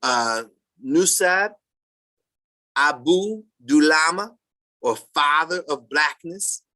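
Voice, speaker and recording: A Sabbath class teacher with a mid-range voice reads a text aloud to the class and comments on it. The delivery is halting, with many restarts and sudden bursts of loud emphasis.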